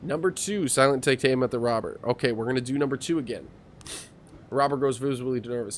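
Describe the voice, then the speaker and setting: A man's voice: medium pitch, expressive, brisk, a little hiss or hum. A man streaming a game, chatting casually, reading the game text aloud and asking viewers to help him decide. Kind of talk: casual gameplay commentary. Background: game music.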